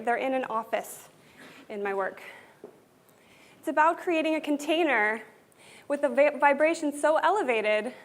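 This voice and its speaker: A woman giving a conference keynote to a live audience, talking in an upbeat, earnest and conversational way. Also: sits high. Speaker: conference speaker.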